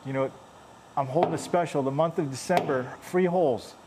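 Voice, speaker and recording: A man's voice: on the high side, a little fast, noisy background. A man chatting and joking as he repairs a car dent, grumbling under his breath now and then. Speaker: paintless dent repair technician. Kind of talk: casual running commentary while working.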